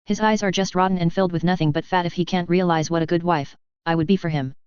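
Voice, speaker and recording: A narrator voicing a brash, defiant young woman cultivator, read in a plain, even way. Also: medium pitch, fast talker, clean tone, dry recording, dull audio, lightly acted. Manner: defiant, boastful.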